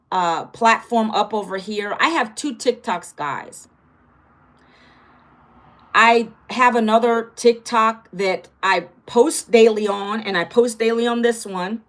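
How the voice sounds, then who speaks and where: A woman in her fifties, a content creator, chatting casually on a livestream, greeting viewers by name in an upbeat, chatty way. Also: medium pitch. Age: 50s.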